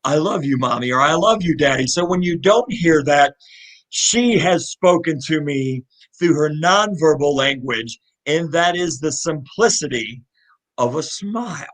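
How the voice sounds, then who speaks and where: In a live interview, a middle-aged Louisville, Kentucky man shares his story as a guest with an earnest, heartfelt, animated delivery full of repeated restarts. He speaks unhurriedly in a rather high voice, captured on poor audio.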